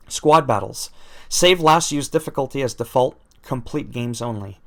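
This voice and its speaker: A gaming YouTuber with a gravelly, mid-range male voice reads video game patch notes aloud. He keeps breaking off for self-deprecating jokes and laughs at his own asides.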